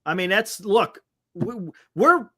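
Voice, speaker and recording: Animated male sports-talk co-host. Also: sits high, slow, dry recording. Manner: animated, exclamatory, calming others down. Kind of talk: casual sports chat.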